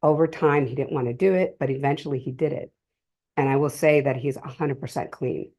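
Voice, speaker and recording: Middle-aged woman, low mellow voice. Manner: emotional, halting, many pauses and restarts. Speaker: speaker sharing a family story at a drug-prevention session. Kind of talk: personal testimony to a live audience. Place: community cultural center, in person.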